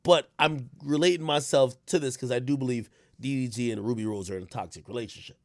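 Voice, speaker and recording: A young man in casual reaction commentary, telling stories with lots of fillers and sudden bursts of shouting. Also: medium pitch, fast talker, dry recording. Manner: animated storytelling with frequent fillers, bursts of shouting. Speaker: streamer commentator.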